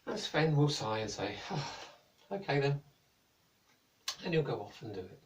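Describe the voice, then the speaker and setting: A British man narrating a children's story in a gentle, playful, lilting way. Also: lowish voice, animated, fairly quick, slight background noise. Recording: echoey room, mic at a distance.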